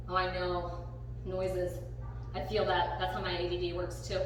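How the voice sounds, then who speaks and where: A woman dog trainer giving a live demonstration, switching between bursts of excited praise and calm explaining. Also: on the low side, measured pace, long pauses, noisy background. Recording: very echoey room, voice from far off the mic.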